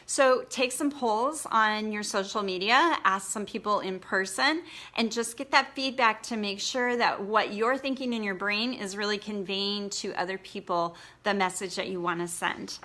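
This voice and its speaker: A woman's voice: mid-range voice, moderate pace, bright, forceful tone. A woman blogging coach giving a casual, encouraging live training, chatty and full of fillers.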